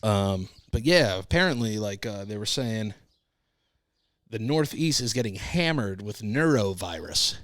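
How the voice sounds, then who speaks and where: A man's voice: fairly low pitch, lively intonation, unhurried, a bit bright, dry recording, clean studio sound. A man hosting a podcast, telling a casual rambling story and cursing freely. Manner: rambling, swears freely, laid-back storytelling. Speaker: podcast host. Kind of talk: casual monologue.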